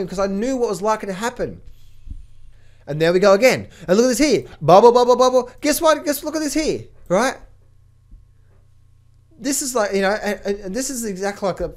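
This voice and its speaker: Addressing the camera at a moderate pace, this trading coach has a high voice and delivers emphatic market commentary, often doubling up words in his excitement.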